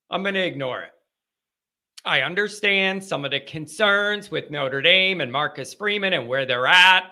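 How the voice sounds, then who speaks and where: A man hosting a live sports call-in show, chatting casually and rattling off quick plugs and asides. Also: fairly high pitch, bright, forceful tone.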